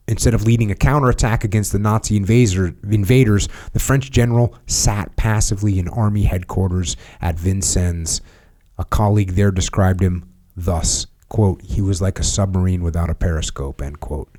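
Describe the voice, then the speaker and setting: Man, podcast host, lowish voice, reads passages then riffs animatedly. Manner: deep voice, animated tangents, mimics bosses. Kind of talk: reading a book aloud and commenting.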